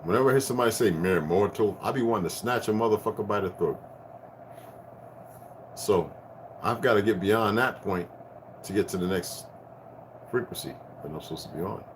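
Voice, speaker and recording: A man in his fifties giving a rambling spiritual rant to his viewers, profane and preachy, swinging from loud bursts down to hushed tones. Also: lowish voice, fairly quick, pauses often, a little hiss or hum. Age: 50s. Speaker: vlogger.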